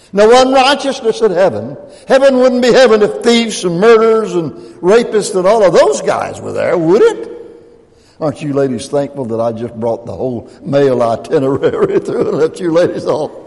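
An eighty-something man preaching with a slow, unhurried delivery and a lively, swooping pitch. His voice sits a little high for a man, and long reverb from the church hall trails each phrase. He keeps it folksy, slipping in jokes with the congregation. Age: 80s. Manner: folksy, joking asides with laughter. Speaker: pastor. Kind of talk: sermon.

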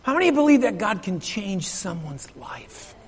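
In a church sanctuary with the long reverb of a large hall, a middle-aged male pastor tells a story during his sermon. His high-pitched voice is very animated at a normal speed, and he speaks emphatically, repeating phrases and asking the congregation questions.

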